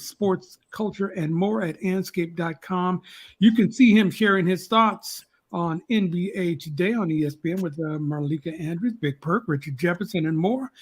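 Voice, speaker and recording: A man hosting a live talk show, joking around and introducing a guest with hype. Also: high-pitched. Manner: joking, laughs a lot, drawn-out hype intros. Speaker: host. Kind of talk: casual live show chat.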